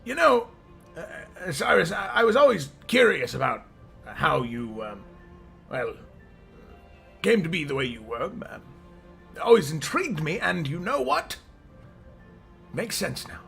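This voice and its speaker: A man voicing a proud elderly adventurer in a tabletop game, formal and quick to take offense. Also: on the high side, very animated, gravelly, sharp tone, soft background music, full character voice. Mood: curious. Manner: indignant, formal, raises his voice. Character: proud elderly male adventurer, touchy about his age. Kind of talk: in-character tabletop roleplay.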